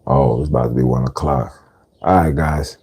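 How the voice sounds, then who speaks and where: A man's voice: very deep voice, fairly even intonation, normal speed, a little mellow, breathy edge. A man hosting a podcast, talking casually in street slang and repeating words for emphasis. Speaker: podcast host. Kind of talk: casual monologue.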